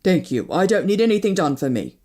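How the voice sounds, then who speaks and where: A woman's voice: on the low side, big pitch swings, fairly quick, warm tone. A woman reading an audiobook, voicing a defiant wounded young man who speaks coldly and scornfully. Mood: curt. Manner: cold, clipped and scornful.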